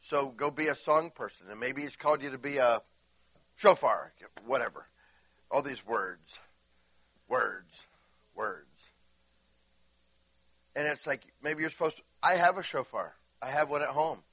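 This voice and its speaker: Male preacher, conversational, keeps quizzing the room, slightly high bright tone. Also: fairly quick, hardly any pauses, no echo. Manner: folksy, rambling, asks the congregation questions. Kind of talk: conversational sermon. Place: church sanctuary.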